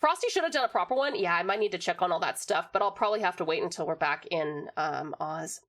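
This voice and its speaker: This young Australian woman from Tasmania has a lowish voice with lively intonation and a fairly bright tone. She greets viewers and reads chat messages in a casual livestream, sounding bubbly and giggly, switching fast and swearing casually.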